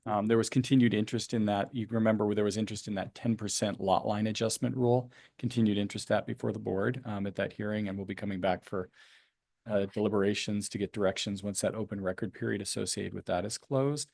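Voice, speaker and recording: A man with a low, gravelly voice walks a commission through policy options, pausing and rephrasing as he thinks. The sound is dry and close, with no room around it. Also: fairly even intonation, darkish tone, no room sound. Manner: explanatory, thinking aloud with fillers. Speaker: county planning staff member. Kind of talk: public meeting remarks.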